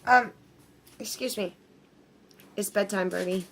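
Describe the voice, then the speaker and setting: A woman's voice: medium pitch, unhurried, fairly bright tone, a little hiss or hum. Playful woman coaxing her pet bird. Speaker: pet owner filming her pets. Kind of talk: casual chat to pets while filming.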